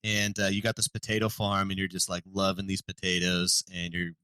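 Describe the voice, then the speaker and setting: A man co-hosting a podcast, telling a history story in a rambling, animated way with many restarts and asides. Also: low voice, a little fast, clear, resonant tone, no room sound, rough recording. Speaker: podcast co-host.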